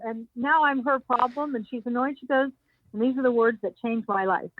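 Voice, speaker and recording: Older woman guest, animated storyteller, dry narrow phone-like sound. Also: on the high side, a little fast, dry recording. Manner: animated anecdotes, acting out others' lines with laughs. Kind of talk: storytelling interview.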